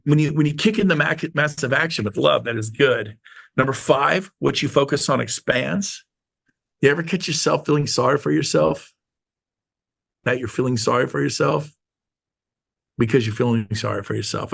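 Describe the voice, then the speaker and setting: Leading a real estate team meeting, a man gives an emphatic, repetitive motivational talk to a live audience, slowing down to stress his points. His voice is a little high, with vocal fry and a breathy edge.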